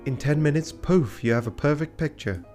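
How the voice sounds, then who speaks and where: A man's voice: a little high, moderate pace, darkish tone, faint music behind, voice pushed up, lightly acted. A man voicing a naive young female cat heiress with a prim, sing-song manner, his voice raised a little. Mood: sweet.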